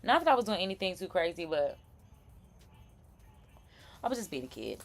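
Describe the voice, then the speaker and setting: A young woman hosting a live chat, talking in a loose, rambling stream full of restarts and quick laughs. Her voice sits a little low for a woman. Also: sing-song, creaky, soft background music. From Florida. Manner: chatty, rambling, laughing asides. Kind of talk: casual commentary.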